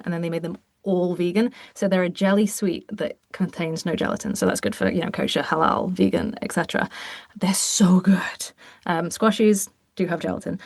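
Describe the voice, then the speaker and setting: A woman's voice: fairly low pitch, dry recording. Chatty English woman, dry close sound. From England. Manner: chatty, emphatic, swears casually. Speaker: podcast guest. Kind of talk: casual chat.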